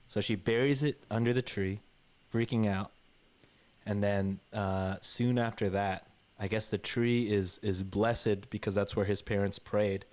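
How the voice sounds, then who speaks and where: Low-voiced guy retelling a fairy tale, rambly and sweary, does little voices for the characters. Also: steady tone, unhurried, darkish tone. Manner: rambling, profane, acts out the characters' lines. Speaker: podcast co-host. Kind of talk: casual storytelling chat.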